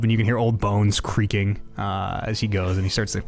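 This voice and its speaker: A man narrating a tabletop game as game master, hesitant and animated, with many pauses and restarts. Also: on the low side, creaky.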